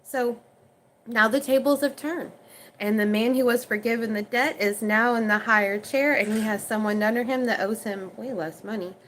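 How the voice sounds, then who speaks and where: A woman's voice: on the high side, moderate pace, fairly bright tone, a little hiss or hum, poor audio. A woman under forty with an Oklahoma accent reads the King James scripture aloud, then retells it in everyday slang and chats with her viewers. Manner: answers viewer questions chattily. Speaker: online Bible reader. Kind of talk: scripture reading with casual commentary.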